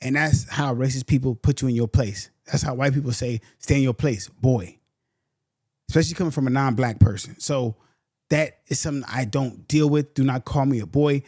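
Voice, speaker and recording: A man's voice: mid-range voice, a little fast, no room sound, studio quality. A young man from San Antonio, telling a story on a podcast in a casual, heated, slangy way, with "bro" again and again. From San Antonio, Texas. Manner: animated, heated, slangy, says "bro" a lot. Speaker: podcast host.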